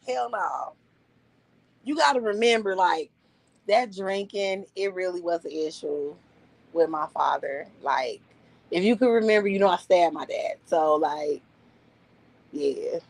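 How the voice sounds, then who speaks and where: A woman telling a family story on a livestream, profane and animated, laughing often. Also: mid-range voice, a little slow, creaky, dry recording, rough recording. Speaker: streamer. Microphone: streaming microphone.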